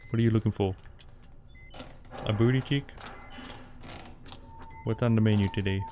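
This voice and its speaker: A man's voice: fairly low pitch, steady tone, moderate pace, lo-fi sound, background noise. A man streaming a horror game, joking playfully with his chat as he plays. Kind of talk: live gameplay commentary.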